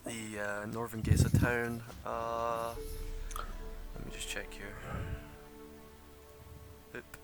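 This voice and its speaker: A man's voice: mid-range voice, little pitch movement, slow pace, long pauses, music in the background. A man running a tabletop game as game master, narrating loosely with lots of fillers and laughs. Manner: rambling, laughing, many fillers.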